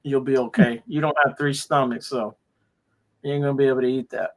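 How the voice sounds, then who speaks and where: A man's voice: medium pitch, fairly even intonation, fairly quick. A man telling rambling stories in a casual chat, with coarse slang.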